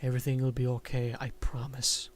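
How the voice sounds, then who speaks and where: A man's voice: mid-range voice, monotone, fairly quick, a little hiss or hum, lightly acted. A man reading the lines of a tired, worried male teacher creature in a visual novel game, speaking in a soothing, reassuring way.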